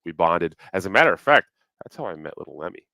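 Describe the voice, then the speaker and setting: A man with a low, smooth voice chats loosely on his livestream, swearing freely and wandering between topics with lots of fillers. The sound is close and dry, with no room echo at all. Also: sing-song, fast talker, sharp tone. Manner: loose, profane, rambling with fillers. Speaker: livestream host. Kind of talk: casual livestream chat. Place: home, New York City.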